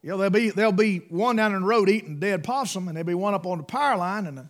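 A man preaching a sermon in a folksy, emphatic way, swinging between loud bursts and hushed asides. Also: high-pitched, rapid-fire.

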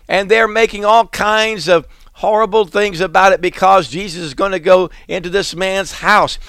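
A middle-aged male pastor preaching with drawn-out emphasis and rising fervor. His voice sits a little high and rings clear and smooth. The sound is close and dry, with no room around it. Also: fairly bright tone, dry recording. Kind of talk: sermon.

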